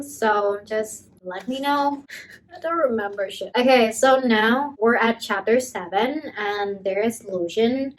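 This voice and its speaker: A woman's voice: on the high side, low-quality recording. A young woman vlogger rambling through a casual, jokey book recap, often unsure of the details.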